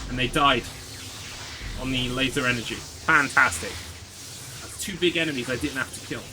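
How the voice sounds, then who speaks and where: A man's voice: mid-range voice, normal speed, background noise. Chatty man streaming a game. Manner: chatty, wry, swears casually, reads chat aloud. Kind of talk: casual gameplay commentary.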